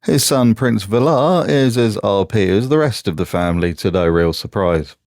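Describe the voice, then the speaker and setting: A man from Britain delivers scripted commentary with a sardonic, mocking edge. His voice is lowish and recorded close and dry, with no room sound at all. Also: animated, moderate pace, darkish tone, no echo. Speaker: YouTube commentator.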